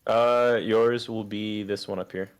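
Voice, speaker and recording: A man narrating as game master in a relaxed, plain-spoken way. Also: lowish voice, a little slow, clear, resonant tone.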